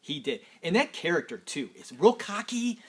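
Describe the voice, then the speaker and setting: A man's voice: sits high, sing-song, normal speed, husky. A man casually chatting as a podcast host, enthusiastic and rambling, with the odd swear. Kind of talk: casual chat.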